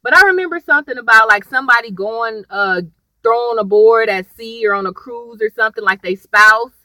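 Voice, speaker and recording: Chatting to her viewers as "y'all," a woman recaps a TV episode, rambling and drifting off on tangents. Her voice is fairly high, brisk, pushed and bright, and the recording is dry with poor audio.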